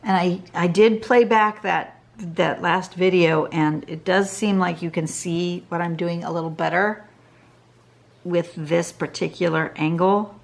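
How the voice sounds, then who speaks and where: Woman, drawing instructor, slow and gravelly, tired, chatty as she works. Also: fairly low pitch, fairly even intonation. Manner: chatty, thinks aloud while drawing. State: tired, yawning. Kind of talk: casual drawing tutorial. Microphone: camera over a drawing desk.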